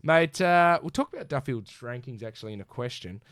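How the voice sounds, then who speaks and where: Casting: Australian man, sports podcast co-host, bouncy and animated intonation, close dry sound, reels off stats. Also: mid-range voice, brisk, no echo. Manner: animated, rattles off stats, says mate a lot. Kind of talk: casual sports chat.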